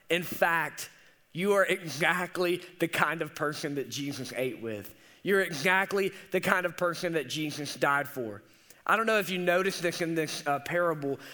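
A man's voice: fairly high pitch, pushed and bright. A young man preaching a sermon as a teaching pastor, earnest and conversational with casual asides.

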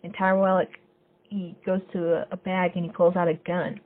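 A woman's voice: on the low side, fairly quick. Woman recapping a show over a tinny line. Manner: retells scenes step by step, lively when quoting characters. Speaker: podcast host. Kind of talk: casual episode recap. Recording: phone-like narrow sound.

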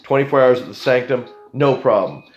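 A young Canadian man telling a story in a casual, animated way, jumping into the voices of the people in it. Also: medium pitch, fairly quick, reverberant, muffled recording.

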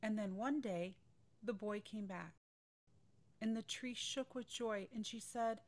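A woman reading a children's bedtime story aloud in a calm, gentle manner. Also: medium pitch, measured pace.

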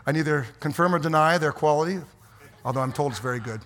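A man preaching a fiery, folksy sermon as pastor in a church, swinging from quiet asides to loud exhortation. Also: fairly high pitch, fast, a little hiss or hum. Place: church sanctuary.

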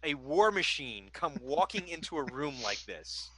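A man's voice: a little high, sing-song, a little slow, crowd noise. A man narrating a tabletop game as game master, rambling and full of filler words.

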